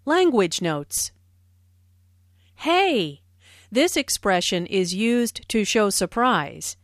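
A woman's voice: mid-range voice, big pitch swings, no echo. A woman reading scripted English lesson notes in a careful, explanatory way, recorded close on a studio mic. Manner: slow, careful, explanatory delivery. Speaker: language teacher.

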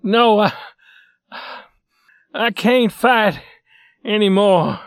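A man's voice: high-pitched, flat delivery, extremely slow, dry recording, voice pushed up. A man voicing a beaten young fighter who stammers and falters through tears. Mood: broken. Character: young beaten male fighter, weak, tearful.

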